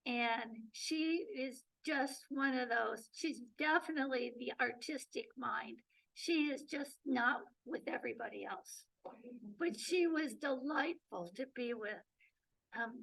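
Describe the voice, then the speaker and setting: A woman from the Detroit area giving a chatty club presentation full of fillers, her voice going hoarse, recorded from a distance in a meeting room. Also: high voice, pushed and bright. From Detroit area, Michigan. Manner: chatty, many fillers and restarts. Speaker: presenter and journey coordinator. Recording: voice picked up from a distance.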